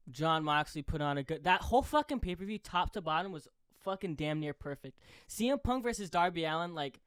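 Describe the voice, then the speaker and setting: Young dude hosting a podcast, cusses every other word, hypes himself up and yells, smooth voice. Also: male voice, on the high side, no echo, studio quality. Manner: swears constantly, fast and excitable, yells when reliving moments. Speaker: podcast host. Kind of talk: excited casual chat.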